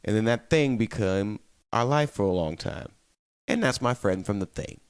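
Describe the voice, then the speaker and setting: A tired man hosting a solo podcast, chatting casually, laughing often and slipping into quick quoted voices. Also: lowish voice, animated, smooth, no echo, clean studio sound. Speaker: podcast host.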